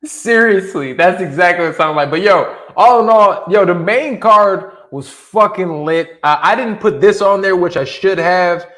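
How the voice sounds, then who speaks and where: A man co-hosting a casual fight recap podcast, animated and profane, often laughing as he talks. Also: sits high, normal speed, few pauses. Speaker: podcast co-host. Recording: roomy echo.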